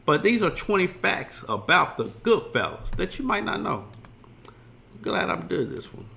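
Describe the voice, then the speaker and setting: A man's voice: high-pitched, sing-song, unhurried, creaky, pushed and bright, slight background noise. A man streaming a casual reaction commentary, rambling loosely and swearing freely as he retells scenes.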